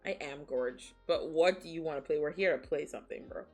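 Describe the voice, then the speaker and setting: A woman's voice: low-pitched, brisk, husky, faint music behind. A woman from Nigeria hosting a casual stream chat, teasing and laughing often, a little tipsy from beer. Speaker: streamer host.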